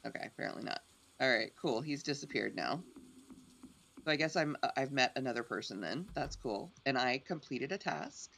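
Excitable, chatty woman streamer. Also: extremely low pitch, moderate pace, creaky, slight background noise. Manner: chatty, self-deprecating, excitable. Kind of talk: casual game commentary.

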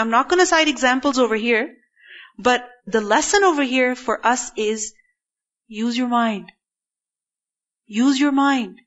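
A woman's voice: high voice, fairly bright tone, highs cut off. A woman teaching a religious lecture, explaining step by step and often asking her listeners whether they follow. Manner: explains step by step with frequent checking questions. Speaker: Quran teacher.

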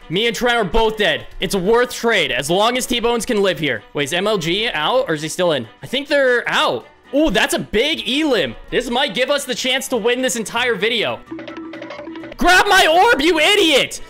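A young man giving excitable gameplay commentary as a gaming video host, often yelling at his teammates. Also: high voice. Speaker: gaming YouTuber.

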